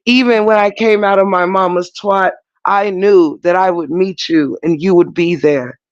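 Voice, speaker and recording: A man's voice: high-pitched, normal speed, no echo, lo-fi sound. A man giving sassy, profane commentary on online drama with a mocking, laughing manner. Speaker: livestream commentator.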